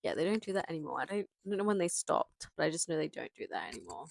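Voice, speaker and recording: A young Australian woman vlogs from a parked car into a small handheld mic, rambling through a chatty story full of fillers. Her low, creaky voice swings widely in pitch and she talks rapidly; the recording is dry and poor.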